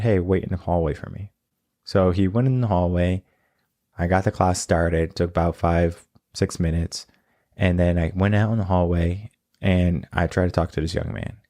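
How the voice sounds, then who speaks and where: A man's voice: sits low, dark tone, no echo, studio quality. A man hosting a coaching podcast, talking casually and often checking in with "right?". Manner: conversational, often tags lines with "right?".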